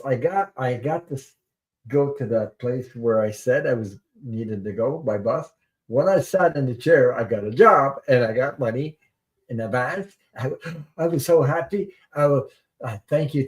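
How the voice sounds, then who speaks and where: A man's voice: mid-range voice, darkish tone. A man hosting a tarot live stream, telling a personal story in an earnest, rambling way and repeating words for emphasis.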